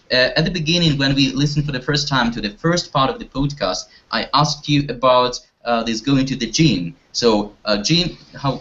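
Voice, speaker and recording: A man's voice: mid-range voice, fairly bright tone. A man teaching an online English class, talking hesitantly with many fillers and restarts. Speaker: language teacher. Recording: dull lo-fi audio.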